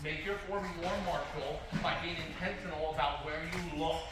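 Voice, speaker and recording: A high-voiced man teaches a martial arts class, calling out drills and telling stories with lively energy. He is picked up from far off in a booming, echoey training hall with steady noise around him. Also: moderate pace. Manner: energetic, animated, calls out drills. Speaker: taekwondo instructor. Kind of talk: class instruction and storytelling.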